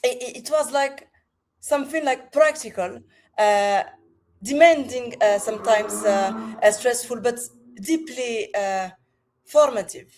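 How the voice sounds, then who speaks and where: A woman with a French accent, a podcast guest speaking over a video call, with many pauses and restarts. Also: on the high side, darkish tone, slight background noise. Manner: hesitant, many fillers and restarts. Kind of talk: remote interview.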